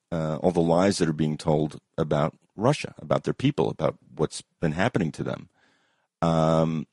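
A man hosting casual commentary, talking with many ums and uhs and pausing often. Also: extremely low pitch, darkish tone, slightly rough, dry recording, clean studio sound.

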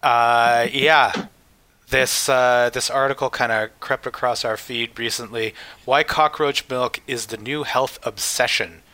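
A man's voice: mid-range voice, fairly even intonation, unhurried, sharp tone. A man co-hosting a casual health news chat, wry and joking, thinking aloud with many fillers. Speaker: show host.

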